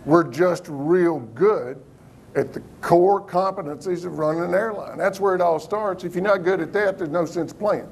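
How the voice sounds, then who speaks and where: A man putting on the voice of an older male airline chief who talks in a gravelly, folksy way. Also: high-pitched, normal speed, a little hiss or hum. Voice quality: gravelly smoker's voice.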